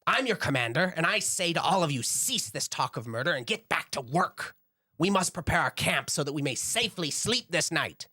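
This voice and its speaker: A man voicing a gruff male knight commander who shouts orders at his soldiers. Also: very high voice, normal speed, voice pushed up, full character voice. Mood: stern.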